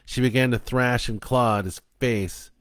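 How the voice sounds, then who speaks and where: A man narrating a dark story in a slow, even, low-key reading voice. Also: dry recording.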